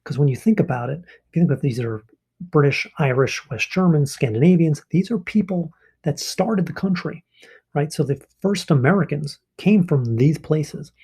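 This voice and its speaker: A man's voice: on the high side, expressive, normal speed, mellow, husky. A male history teacher explaining a lesson in a casual, conversational way, often checking in with listeners. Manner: casual, explanatory, with frequent ums and rhetorical rights. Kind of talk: recorded online lesson.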